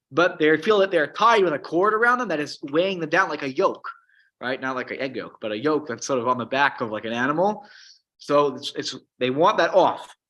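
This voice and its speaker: A man teaching a Psalms class, explaining Hebrew words in an animated way with frequent restarts. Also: fairly high pitch. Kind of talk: Torah class lecture.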